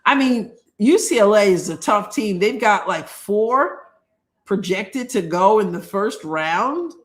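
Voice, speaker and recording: A woman hosting a live stream, reacting to a basketball game with animated, indignant commentary and reading out viewer comments. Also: medium pitch, takes it slowly. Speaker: show host.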